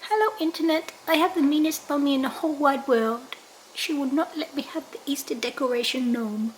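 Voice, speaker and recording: A woman's voice: high voice, a little fast, a little hiss or hum, lightly acted. Woman putting on a sulky pouting pet dog. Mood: whiny. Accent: Australian. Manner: whiny, pouty complaining. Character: sulky young male pet dog, whiny.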